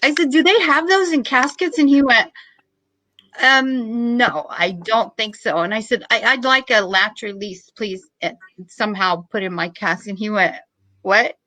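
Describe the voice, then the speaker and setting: A middle-aged woman, a podcast guest, telling a story in a joking, lively way. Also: mid-range voice, normal speed, no room sound, low-quality recording. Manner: joking, animated storytelling with laughs. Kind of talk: casual storytelling.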